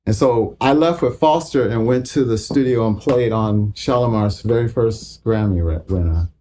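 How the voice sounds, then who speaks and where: A man's voice: on the low side, moderate pace, a little hiss or hum. A man in his sixties telling casual, profane stories as an interview guest, acting out the voices of people in his stories. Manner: profane, animated, acts out others' voices. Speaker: guitarist guest.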